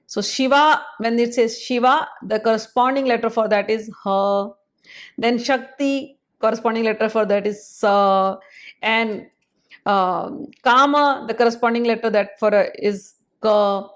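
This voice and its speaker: A woman, explaining scripture in a measured spoken lecture and pausing to spell out syllables. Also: on the high side.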